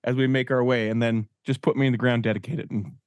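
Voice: medium pitch, fairly even intonation, fast, a little mellow. A co-host chatting casually and joking, at times humming a tune in nonsense syllables. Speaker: podcast co-host. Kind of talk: casual chat.

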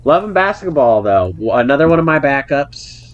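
Animated guy joking around on a podcast, voice jumps all over. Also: mid-range voice, a little fast, highs cut off. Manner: animated, joking, lots of likes. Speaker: podcast co-host. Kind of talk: casual chat.

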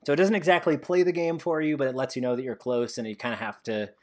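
A man's voice: mid-range voice, fairly even intonation, fast talker, darkish tone. A man co-hosting a casual gaming podcast, joking, self-deprecating and laughing often. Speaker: podcast co-host. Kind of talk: casual chat.

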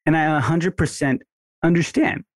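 A man teaching a coaching lesson, talking energetically and acting out sample phone calls in bright put-on voices. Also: on the high side, moderate pace, no echo, clean studio sound. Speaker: marketing instructor. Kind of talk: coaching lesson with screen walkthrough.

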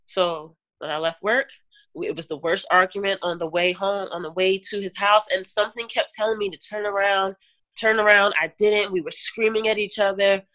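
A woman guest giving an earnest personal testimony in an interview, talking in halting runs with restarts and fillers. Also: mid-range voice, steady tone, fairly bright tone, no echo. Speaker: podcast guest.

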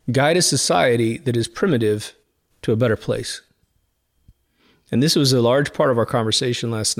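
Male podcast host, middle-aged, casual rambling talk with lots of asides. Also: medium pitch. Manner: rambling, conversational, frequent asides. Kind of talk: casual monologue.

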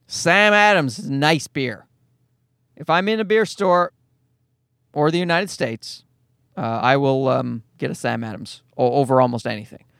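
A man's voice: mid-range voice, unhurried, gravelly, fairly bright tone, clean tone, no echo, studio quality. A young man from Canada, a podcast host ranting in a casual, profane, rambling, self-mocking way from a parked car in a garage. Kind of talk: casual comedic rant.

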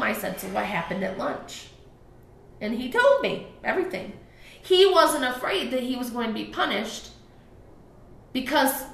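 Bright-voiced woman telling stories. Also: high-pitched, vocal fry, roomy sound. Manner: animated storyteller, laughs often. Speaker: podcast co-host, parent. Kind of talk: casual chat.

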